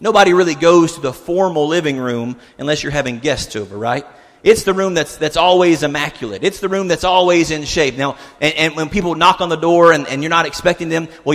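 A man's voice: on the high side, a bit bright, long reverb tail. A man in his thirties preaching a sermon, telling a story in an earnest way with many restarts. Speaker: pastor.

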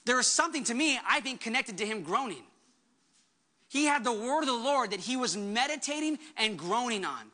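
A woman's voice: fairly high pitch, lively intonation, normal speed, sharp tone. A woman pastor delivering a sermon with emphatic preaching, acting out the words she quotes.

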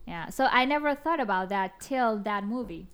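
A woman from Romania with a Romanian accent, a podcast guest chatting in an animated way and laughing often. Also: mid-range voice, normal speed, smooth. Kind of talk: casual podcast chat.

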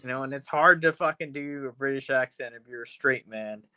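A man's voice: mid-range voice, brisk, bright, forceful tone, no room sound. A man co-hosting a casual podcast, retelling a horror episode in a rambling, crude way. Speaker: podcast co-host.

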